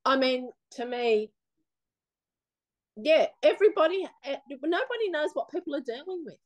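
A woman with an Australian accent, telling her own story in a blunt, animated, plain-spoken way during an interview. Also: high voice, moderate pace. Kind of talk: casual personal storytelling.

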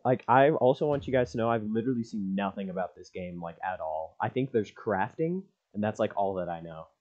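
A man's voice: lowish voice, fairly quick, darkish tone, highs cut off. A young man giving goofy, rambling let's-play commentary, joking about the game. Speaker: gamer.

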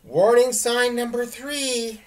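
A woman's voice: fairly high pitch, takes it slowly, pitched above the performer's own voice. A woman voicing a sarcastic, level-headed middle-school girl with a dry delivery.

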